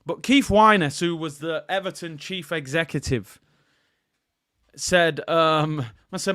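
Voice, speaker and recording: Brief: male football vlogger, casual and opinionated, bright and tense, slightly high. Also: measured pace, clear, resonant tone. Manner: chatty, opinionated, slangy, addresses viewers. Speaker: football channel host. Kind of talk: casual football vlog talk.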